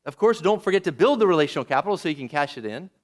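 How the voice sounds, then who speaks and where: Lively male preacher asking questions. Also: on the high side, very fast. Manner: lively, asks the audience questions. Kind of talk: sermon.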